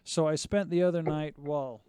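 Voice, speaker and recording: A man's voice: fairly high pitch, fairly even intonation, normal speed, warm tone, clear, resonant tone, dry recording, studio quality. A man co-hosting a casual podcast, explaining his hobby project in a methodical, detailed way and listing things off one by one. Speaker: podcast co-host. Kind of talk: casual chat.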